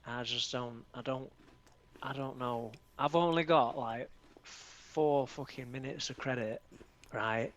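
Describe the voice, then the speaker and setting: A man's voice: mid-range voice, slow pace, fairly bright tone. A man, a chirpy caller rambling in improvised comedy banter. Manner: chirpy, rambling, says mate a lot. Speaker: caller on the line.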